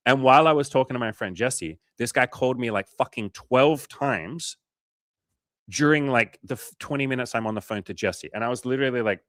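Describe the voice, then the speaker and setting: A man's mid-range voice moves a little fast, with no room sound and a clean studio recording. He hosts a coaching livestream, casually responding to viewers through animated storytelling, plenty of swearing, and dialogue he acts out.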